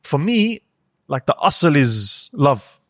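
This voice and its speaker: A man's voice: on the high side, sing-song, slow pace, no echo, studio quality. A man in his thirties who speaks thoughtfully and hesitantly in a casual podcast chat, often restarting his words. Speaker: podcast co-host.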